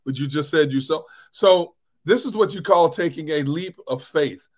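Chummy Philly co-host, slightly high voice. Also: male voice, moderate pace, a little mellow. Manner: chummy, stumbling restarts when asking. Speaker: sports talk radio co-host. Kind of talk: casual sports radio interview.

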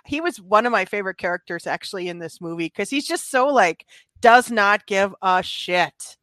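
A woman's voice: on the high side, fairly bright tone, dry recording. A woman co-hosting a podcast, chatty and teasing, laughing often as she talks about a movie. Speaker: podcast co-host. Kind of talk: casual movie discussion.

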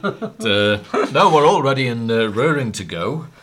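A man co-hosting a podcast at home, throwing in dry, quick deadpan quips during casual chat. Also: mid-range voice. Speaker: podcast co-host. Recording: noisy recording with clicks.

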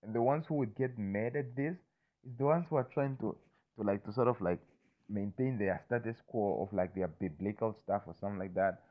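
Low-ish guy rambling and cussing, keeps asking if you get him, sounds like a phone call. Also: fairly quick. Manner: loose, repetitive, swears freely, keeps asking "you understand me?". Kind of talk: casual rambling monologue.

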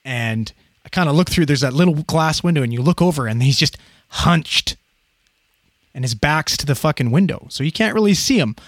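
A man's voice: a little high, moderate pace, dry recording, studio quality. A man in his thirties, a paramedic, casually telling a story with lots of swearing and acted-out voices. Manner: profane, animated, acts out quoted voices.

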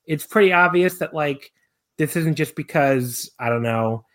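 A man's voice: fairly high pitch, measured pace, a bit bright. A young man co-hosting a podcast in casual chat, rambling with many fillers and restarts. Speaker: podcast co-host.

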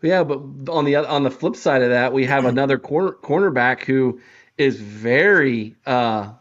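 A man hosts a sports podcast in a loose, conversational way, pausing on fillers and restarting his sentences. His voice is mid-pitched, and the recording has a slightly dull, lo-fi sound. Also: fairly bright tone. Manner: hesitant, many fillers and restarts. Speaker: podcast host. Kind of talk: casual sports podcast chat.

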